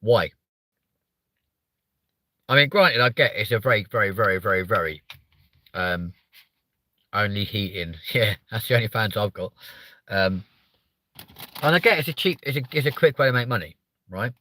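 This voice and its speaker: A man's voice: on the low side, moderate pace, pauses often, pushed and bright. A young man hosting a live stream, chatting with viewers in a sweary, joking, rambling way. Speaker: live show host.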